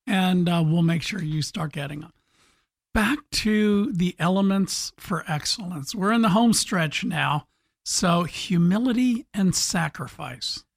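A radio talk show host runs the conversation in a loose, chatty way. The voice is mid-pitched and laughs often. It speaks from a studio. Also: a little slow, vocal fry, no room sound.

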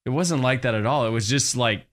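A man, a guest evangelist, talking in a relaxed, casual way with the odd chuckle. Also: medium pitch, brisk. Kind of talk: casual conversation.

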